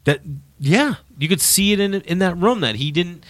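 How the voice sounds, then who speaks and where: A man talking in casual podcast chat, relaxed and chatty, telling a story. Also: high voice, normal speed, dry recording, studio quality.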